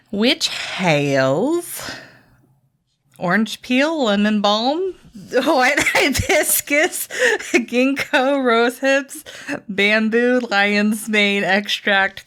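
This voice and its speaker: A woman's voice: fairly high pitch, fairly bright tone. A woman co-hosting a casual podcast, chatty and laughing often, thinking aloud with restarts. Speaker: podcast co-host.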